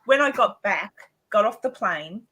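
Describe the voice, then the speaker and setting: A woman's voice: mid-range voice, lively intonation, unhurried, bright, forceful tone, breathy edge. An Australian woman chatting casually on a livestream, laughing often and trailing off mid-sentence. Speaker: co-host of a paranormal livestream. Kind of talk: casual chat.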